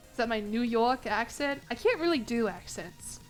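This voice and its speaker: A woman's voice: a little high, lively intonation, normal speed, hardly any pauses, soft background music. A young woman streaming a strategy game, chatting casually with viewers in a sarcastic, swearing manner. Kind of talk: casual gameplay livestream chat.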